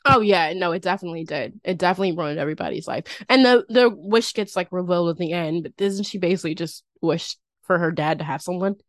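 A woman's voice: lowish voice, fast talker, few pauses, dry recording. A young woman hosting a podcast, talking in a casual, rambling way full of "like" and little laughs. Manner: rambling, filler-heavy, giggly. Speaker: podcast host. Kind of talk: casual chat.

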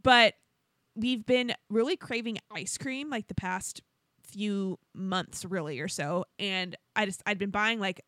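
Podcast co-host: young woman, bright, crisp tone, lively storyteller who acts out quotes, close and dry. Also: medium pitch, a little slow, no echo. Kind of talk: casual chat. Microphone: podcast studio microphone.

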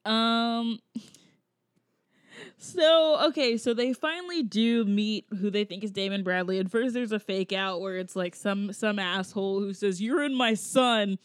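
A woman's voice: mid-range voice, fairly even intonation, measured pace, clean tone, no room sound, studio quality. A woman, co-host of a podcast, discussing a movie in casual chat, loose and giggly.

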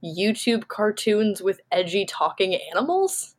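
A woman's voice: medium pitch, very animated, measured pace. A woman co-hosts a podcast with chatty, wry remarks. She speaks loosely, with lots of filler words. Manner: chatty, uses 'like' a lot, wry. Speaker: podcast co-host. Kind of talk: casual chat.

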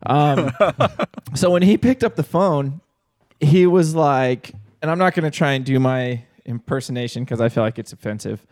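A man's voice: medium pitch, moderate pace, a little mellow, no echo, clean studio sound. A young man co-hosting a casual comedic podcast, telling stories, laughing often and saying "dude" a lot. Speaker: podcast co-host.

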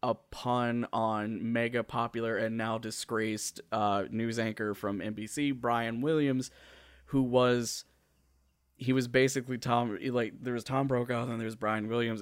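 A man's voice: mid-range voice, dry recording, studio quality. A man co-hosting a comedy podcast in casual chat, rambling and sarcastic, and swearing freely. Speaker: podcast co-host.

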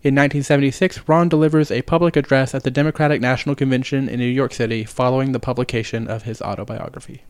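A young man co-hosting a movie podcast, reading a plot summary in a steady way. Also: mid-range voice, quick pace, few pauses, clean tone, no room sound. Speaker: podcast co-host.

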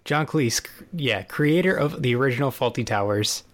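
A man talks through a TV episode in a loose, chatty podcast recap. His humor is dry and sarcastic, and he leans on fillers as he goes. His voice sits at an ordinary middle pitch. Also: expressive, moderate pace. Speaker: podcast co-host.

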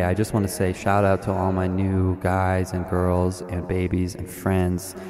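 A man with a low voice rambles through a comic tale, deadpan and meandering. A crowd can be heard behind him. He plays it straight while his story drifts. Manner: deadpan, meandering, self-mocking. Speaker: podcast host. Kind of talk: comedic rambling monologue.

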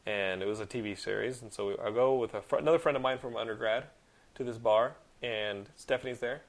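A man in his thirties hosting a podcast, telling stories in casual chat with lots of swearing and animated outbursts. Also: mid-range voice, brisk. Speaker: podcast host.

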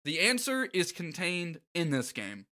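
A joking, profane male podcast co-host recapping a game in loose, casual chat. His voice is bright and crisp, with lively swings in pitch. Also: measured pace. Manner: joking, profane, laughs often.

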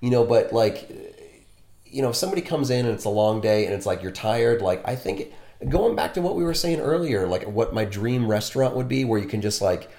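A man's voice: mid-range voice, expressive, brisk, mellow. A man who works as a piercer, telling a candid, self-deprecating story in casual conversation. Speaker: body piercer. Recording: echoey room.

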